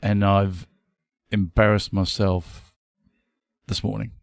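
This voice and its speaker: A man's voice: fairly low pitch, slow, creaky, dry recording. A middle-aged man, a podcast co-host, telling stories in casual chat from his home shed. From Australia. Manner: chatty, animated storyteller.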